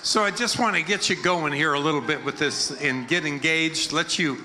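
A man's voice: fairly high pitch, normal speed, sharp tone. An older American man preaching to a congregation, playful and joking, leading call-and-response chants. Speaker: guest preacher. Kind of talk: energetic sermon with crowd call-and-response. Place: church hall with a congregation.

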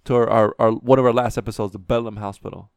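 Gravelly man tossing in remarks. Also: on the low side, steady tone, fast talker, darkish tone, no room sound. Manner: short gravelly interjections, slangy. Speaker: podcast co-host. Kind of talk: casual banter.

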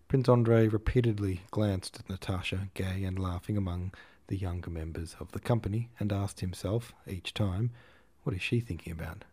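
A man reading a classic novel aloud as a podcast host, in a measured storytelling manner. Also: sits low, warm tone. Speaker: audiobook reader and podcast host.

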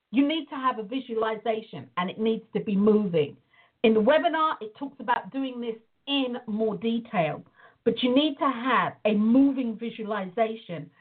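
A woman with a rather high, husky voice teaches in a loose, chatty way. She tells her stories with animation and acts out every quoted line. The sound comes through thin and tinny, like a phone line. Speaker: prayer and visualization teacher. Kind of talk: casual spoken teaching on a call.

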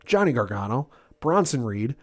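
A man hosting a casual podcast goes over sports and gaming news with enthusiasm, rambling and leaning on plenty of fillers. He has a mid-range, sing-song voice and speaks at normal speed.

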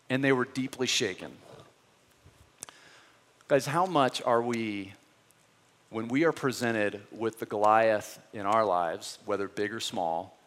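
A male pastor giving a sermon, telling the story in an animated, conversational way. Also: medium pitch. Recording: long hall reverb.

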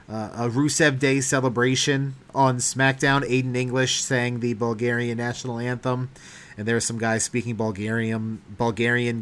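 A man's voice: mid-range voice, a bit bright. A man co-hosting a podcast, talking things through casually with frequent hedges and fillers. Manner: thoughtful, hedging, laughs often. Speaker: podcast co-host. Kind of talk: casual chat.

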